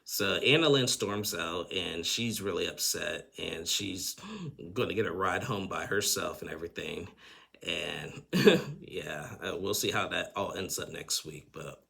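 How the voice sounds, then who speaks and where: A man's voice: sits low, gravelly, bright, forceful tone, breathy edge. A man giving a chatty, casual recap of a reality TV episode, laughing often between lines. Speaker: TV recap host.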